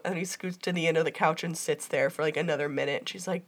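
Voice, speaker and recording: A young woman in casual chat, talking fast and loose with lots of "like", laughing often and acting out what people said. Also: sits low. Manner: chatty, lots of "like", laughs often, acts out quotes.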